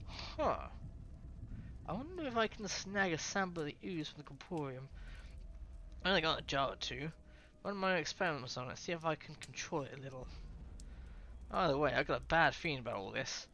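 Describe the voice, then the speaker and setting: Wary young woman, casual and lively, read by a reader. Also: deep voice, moderate pace, pauses often, slight background noise.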